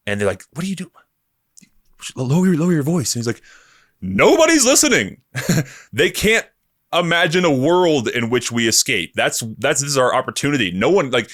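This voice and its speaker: A man hosting a comedy podcast, gushing in an excited, profane, rambling way. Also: fairly low pitch, dry recording, studio quality. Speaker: podcast host. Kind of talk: casual comedic chat.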